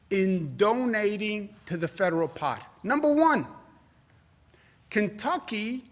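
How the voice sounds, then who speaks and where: A man with a New York accent answering reporters at a press briefing as governor, combative and repetitive, building to emphatic outbursts. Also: high-pitched.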